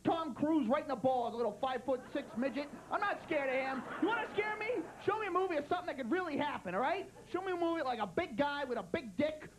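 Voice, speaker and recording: Loud animated male stand-up comic. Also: very high voice, low-quality recording. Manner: loud, animated, swearing, acting out quick voices. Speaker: stand-up comedian. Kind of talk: stand-up comedy set. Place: comedy club stage with laughing crowd. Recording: live club recording, loud crowd and noise.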